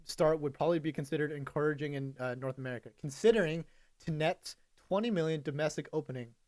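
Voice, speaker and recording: A man's voice: fairly high pitch, quick pace, a little mellow. Rambling young man, podcast co-host. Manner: rambling, full of "like" and restarts. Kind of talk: casual chat.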